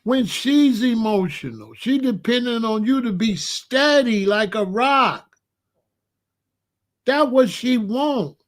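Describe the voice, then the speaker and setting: High-voiced man preaching emphatic commentary. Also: expressive, slow pace. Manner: preachy, emphatic, repeats himself. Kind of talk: monologue commentary to camera.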